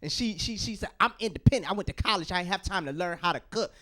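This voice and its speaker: Male stand-up comic, high, bouncy delivery, acts out characters. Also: fast. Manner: animated storytelling with acted-out voices. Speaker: stand-up comedian. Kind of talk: stand-up routine. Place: small comedy studio stage.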